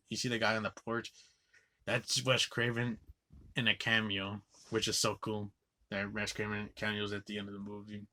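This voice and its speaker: A man's voice: fairly low pitch, pushed and bright. A man giving a loose, rambling movie recap, swearing casually as he goes. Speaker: movie reviewer.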